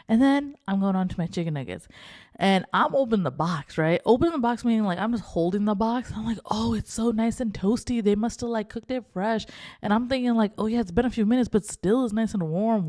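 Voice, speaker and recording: Young woman podcast co-host, casual storyteller, animated delivery, mid pitch, dry room. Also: no echo. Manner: animated, acts out quoted dialogue.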